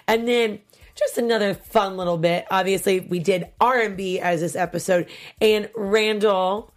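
A woman's voice: mid-range voice, fairly even intonation, normal speed. A woman co-hosting a casual chat about a TV show, gushing and chatty with lots of fillers. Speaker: podcast co-host.

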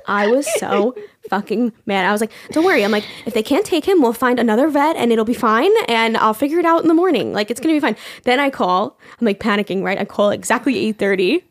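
A young woman tells a story on a podcast in casual chat. Her voice sits high and swings widely as she acts out what everyone said. She laughs often and swears freely. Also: expressive, fairly quick. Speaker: podcast co-host.

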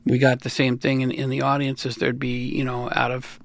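Gravelly American man in his sixties. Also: medium pitch, normal speed, no room sound. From United States. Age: 60s. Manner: rambling, animated, laughs often. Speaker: musician guest. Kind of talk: casual interview talk.

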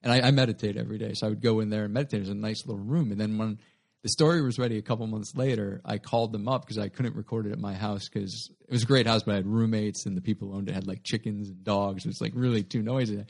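Young male comedian guest, low voice with fry, loose rambling delivery. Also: fairly even intonation, quick pace. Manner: rambling, self-correcting storyteller. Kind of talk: casual storytelling interview.

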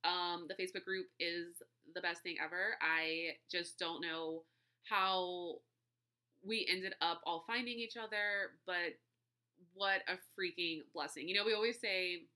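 A woman hosts a casual solo podcast, chatting warmly and at length to her listeners and laughing often as she goes. Her voice sits on the low side for a woman, yet comes across as strikingly bright and forceful. She slips in friendly slang like y'all as she talks. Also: steady tone, a little slow, clear, resonant tone. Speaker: podcast host.

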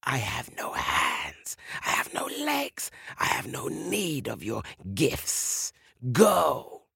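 Storybook serpent king, cold, proud, breathy hissing whisper. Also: mid-range voice, wildly swooping pitch, sharp tone, no room sound, full character voice. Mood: cold dismissive. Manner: whispered hiss, drawn-out s sounds.

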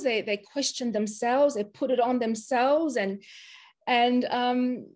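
An Australian woman in her sixties who teaches mental health first aid recounts a personal story in an interview, earnest, emotional and halting. Her voice sits high and sounds a little mellow.

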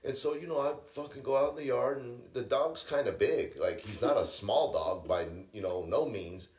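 A man's voice: medium pitch, moderate pace, a little mellow, reverberant. A man co-hosting a podcast, telling a story in casual, heavily profane chat. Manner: profane, laid-back storyteller. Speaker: podcast co-host.

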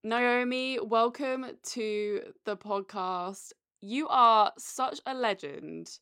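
A woman's voice: a little high, slow, bright, forceful tone, clean tone, no echo, studio quality. A woman hosting a podcast who reacts with encouraging enthusiasm. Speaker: podcast host. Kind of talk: casual podcast chat.

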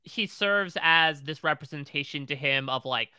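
A man's voice: on the high side, moderate pace, sharp tone, clear, resonant tone, dry recording. A man co-hosting a TV recap podcast, retelling scenes in close detail. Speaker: podcast co-host.

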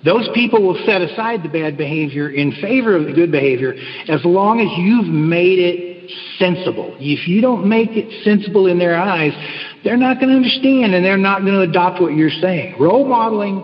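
A man's voice: sits high, animated, moderate pace, long reverb tail, lo-fi sound. Earnest man giving motivational advice. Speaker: panelist. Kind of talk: motivational talk.

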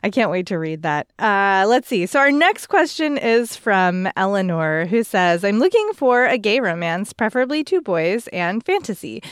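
A woman's voice: mid-range voice, big pitch swings, normal speed, few pauses, clean tone, dry recording, studio quality. A woman co-hosting a book podcast, reading listener questions and gushing casually about recommendations. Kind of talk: casual chat.

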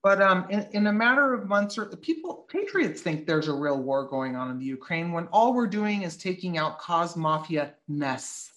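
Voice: mid-range voice, lively intonation, moderate pace, few pauses, a bit bright. A podcast host in casual political talk, blunt and swearing freely, working through a speech line by line.

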